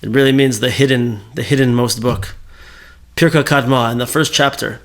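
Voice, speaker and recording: A man's voice: medium pitch, steady tone, moderate pace. A man giving a casual Torah class, talking things through with fillers and self-corrections. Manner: conversational, thinking aloud with fillers and self-corrections. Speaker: Torah teacher.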